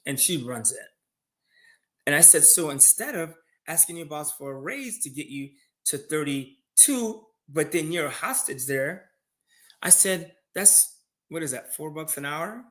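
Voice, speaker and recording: A man giving casual advice on loans and side businesses in a live conversation, telling stories with many restarts. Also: on the high side. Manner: animated storytelling, many restarts. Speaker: guest finance speaker.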